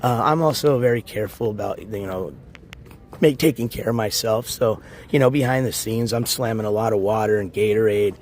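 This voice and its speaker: A man livestreaming from a beach in the morning, hoarse and losing his voice, rambling as he walks and shouts out viewers in chat. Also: fairly low pitch, brisk, a little hiss or hum. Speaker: IRL livestreamer. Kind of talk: casual live-stream chat.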